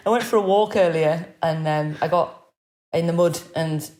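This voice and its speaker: A woman's voice: on the low side, moderate pace, darkish tone. Teasing Geordie woman co-host. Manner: dry, teasing humour. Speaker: podcast co-host. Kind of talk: casual nature podcast chat.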